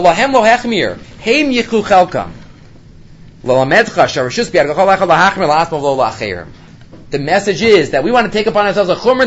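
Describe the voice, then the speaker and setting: A man with a high, very lively voice leads a Torah study lecture. He peppers his English with Hebrew study terms and keeps asking rhetorical questions, then answers them himself. His pitch swings widely from line to line. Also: breathy edge, muffled recording. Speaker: Torah class teacher.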